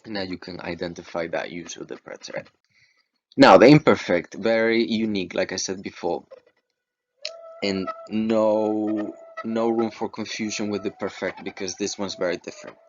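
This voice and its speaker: A man's voice: lowish voice, moderate pace. A man teaching grammar over slides, explaining patiently and checking in with "okay" as he goes. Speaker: Spanish teacher. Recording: dull lo-fi voice recording with faint noise.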